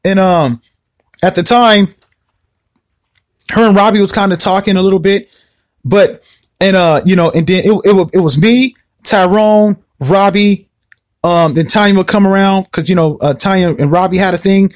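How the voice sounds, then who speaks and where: A man telling a personal story in a rambling, repetitive way, acting out his own past words. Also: moderate pace. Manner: rambling, repeats himself, acts out his own past words with rising pitch. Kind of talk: casual storytelling.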